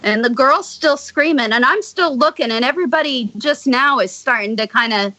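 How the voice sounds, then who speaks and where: A woman with a bright, higher-pitched voice recounts a story in casual conversation. She is blunt and swears freely, building the tale with animated energy. The sound is close and dry. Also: moderate pace, dry recording, muffled recording. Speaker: podcast guest.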